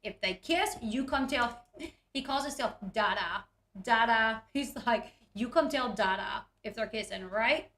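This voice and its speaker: Woman, casual recap chatter, bright tense voice, echoey room. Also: on the high side, animated, unhurried. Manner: chatty, giggly, retells scenes in quoted voices. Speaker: recap host.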